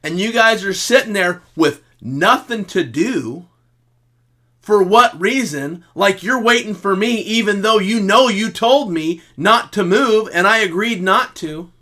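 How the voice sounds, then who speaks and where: A middle-aged man giving blunt relationship advice as the host of his own videos, speaking straight to the listener and moving from loud outbursts to quiet resignation. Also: sits high, lively intonation, a little slow. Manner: lecturing, direct address to the listener; swings between shouting reenactments and quiet resignation. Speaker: self-help video host.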